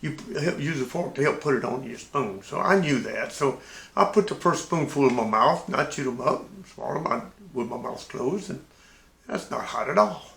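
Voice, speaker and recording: An older man and navy veteran telling a sea story in a folksy, animated way. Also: mid-range voice, moderate pace, vocal fry, roomy sound. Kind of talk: casual spoken anecdote.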